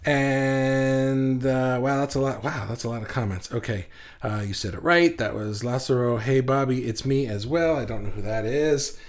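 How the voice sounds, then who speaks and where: A man's voice: mid-range voice, moderate pace. A man hosting a live online session, talking loosely with many fillers and restarts as he reads viewer comments aloud. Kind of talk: casual livestream talk, reading comments aloud.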